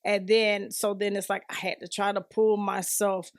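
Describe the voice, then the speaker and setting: A woman's voice: mid-range voice, flat delivery, moderate pace, no echo, clean studio sound. A woman as a podcast guest, sharing her personal story earnestly and acting out what others said. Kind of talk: personal testimony in conversation.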